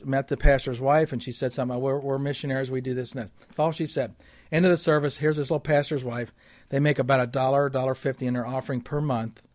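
A middle-aged man giving a church talk as a missionary speaker, telling stories in an animated way with frequent restarts. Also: a little high, dry recording.

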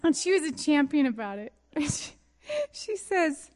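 A pastor's wife telling a funny story in a sermon, laughing often as she speaks. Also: sits high. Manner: lively and expressive, quick to giggle. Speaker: pastor's wife giving a talk.

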